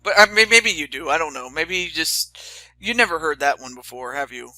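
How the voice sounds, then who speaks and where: A man's voice: a little high, animated, fairly quick, pushed and bright, no echo. A young man hosting a casual chat, rambling with stammering restarts and fillers. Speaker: host.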